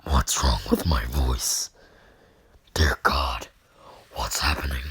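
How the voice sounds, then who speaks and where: A woman voicing a teenage boy hero who is alarmed to find his voice has turned very deep. She speaks in a low, breathy whisper. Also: takes it slowly, a bit bright, no room sound, exaggerated voice.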